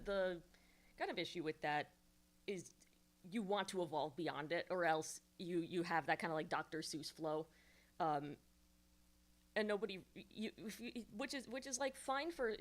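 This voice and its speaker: A woman talks through songwriting feedback on her stream in a slightly low voice. She rambles and explains, circling back with fillers and restarted phrases. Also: normal speed. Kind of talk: casual livestream critique.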